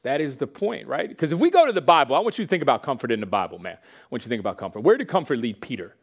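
A man's voice: very animated, rapid-fire. A middle-aged man preaching a sermon in a conversational, emphatic way, often asking "right?" and acting out the quoted voices. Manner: acts out quoted voices with big jumps in pitch and volume. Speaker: pastor.

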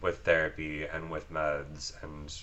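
Man, very low voice, casual podcast chat, earnest, lots of fillers. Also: monotone, measured pace, fairly bright tone, muffled recording. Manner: earnest, filler-heavy, frequent restarts. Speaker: podcast guest.

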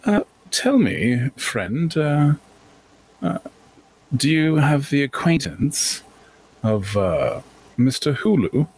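A man's voice: mid-range voice, sing-song, takes it slowly, creaky, long pauses, a little mellow, husky, no echo, voice pushed up, full character voice, low-quality recording. A man voicing a genteel male curiosities merchant who speaks with formal, florid politeness.

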